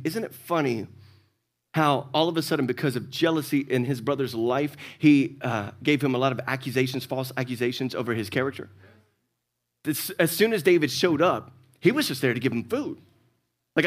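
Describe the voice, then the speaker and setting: A man's voice: fairly high pitch, fairly quick. A male pastor with a Southern US accent, preaching a sermon and acting out the characters in his stories. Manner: animated storytelling, acts out characters.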